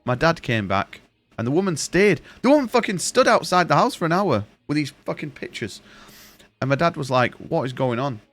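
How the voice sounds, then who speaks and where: A man's voice: fairly high pitch, very animated, brisk, a bit bright. Young male streamer, casual and sweary, rambling storyteller. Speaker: gaming streamer. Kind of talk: casual chat while streaming.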